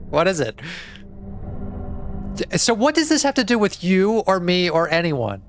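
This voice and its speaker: A man voicing a shocked, blunt young female cat in his own voice, reading game text aloud with halting questions. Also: high voice, big pitch swings, faint music behind, pitched above the performer's own voice. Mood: horrified.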